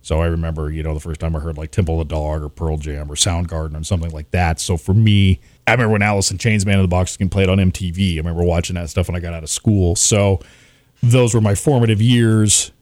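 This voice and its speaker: Rambling self-mocking DJ. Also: male voice, deep voice, fairly even intonation, quick pace, a little mellow, no echo. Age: 40s. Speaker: radio DJ guest. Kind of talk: casual podcast chat.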